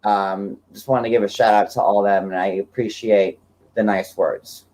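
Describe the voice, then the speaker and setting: A man's voice: on the low side, fairly even intonation, normal speed, a little mellow. A man in his forties hosting a casual livestream chat, talking in a rambling way, full of "like". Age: 40s. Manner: chatty, fillers of "like" throughout. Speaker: livestream host.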